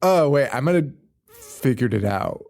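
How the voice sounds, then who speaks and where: Animated, profane male podcast host. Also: medium pitch, measured pace. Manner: profane, laughing, rambling. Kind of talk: casual movie review chat.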